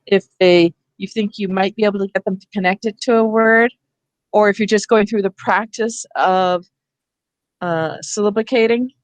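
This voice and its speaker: A woman's voice: medium pitch, steady tone, moderate pace, no room sound. A woman leads teachers through a reading workshop over a video call, explaining patiently step by step.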